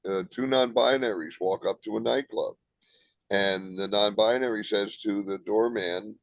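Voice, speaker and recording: An older man with a New Jersey accent tells jokes and stories, landing punchlines in a casual interview. His voice sits on the low side. The sound is close and dry, with no room in it. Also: steady tone, measured pace, dry recording. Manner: joking, tells anecdotes with punchlines. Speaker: guest comedian.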